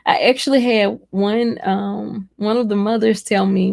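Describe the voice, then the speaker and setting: Animated woman chatting on a livestream. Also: a little slow, vocal fry. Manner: animated storyteller, jumps to a high voice for quoted people; expressive, chatty, laughs often. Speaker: livestream host. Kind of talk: casual live-stream chat, reading viewer comments. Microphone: streaming setup.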